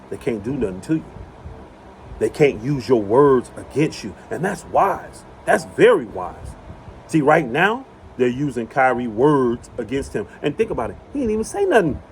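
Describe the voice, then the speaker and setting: A man's voice: medium pitch, expressive, normal speed, slight background noise. Emphatic man preaching outdoors. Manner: emphatic, repeats phrases for emphasis. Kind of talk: impassioned religious monologue. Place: outdoors on rural property.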